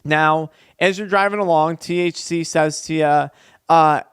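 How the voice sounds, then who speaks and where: A man's voice: a little high, fairly even intonation, a little slow, fairly bright tone, clean tone, no echo, clean studio sound. A man, an addiction recovery coach, telling a story in an earnest, conversational vlog.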